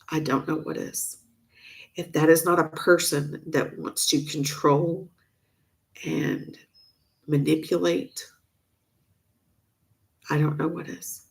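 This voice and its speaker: A woman's voice: low voice, vocal fry. A woman vlogging to camera, upset and venting emotionally, stressing her points by repeating herself.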